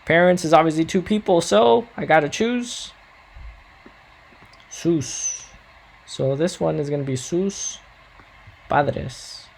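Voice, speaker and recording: A man's voice: on the high side, animated, takes it slowly, gravelly, long pauses. A man teaching a recorded Spanish grammar lesson, coaching students patiently and checking in often with "all right?".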